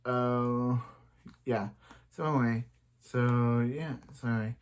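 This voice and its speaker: A man's voice: medium pitch, fairly even intonation, slow, clear, resonant tone. A man giving a casual, rambling recap of a TV episode, full of restarts and filler words. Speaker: show reviewer.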